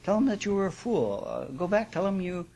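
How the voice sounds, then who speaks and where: A man's voice: high voice, very animated, brisk, a little mellow, pitched above the performer's own voice, exaggerated voice. A man voicing a sensible woman who gives hesitant, coaxing advice to a friend in a spoken story. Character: sensible middle-aged woman giving advice.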